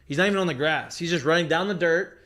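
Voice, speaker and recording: Give me a profane, animated man telling baseball stories. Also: on the high side, fast talker. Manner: animated storytelling with heavy profanity and filler "like". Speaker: podcast guest, former baseball player. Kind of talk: casual chat.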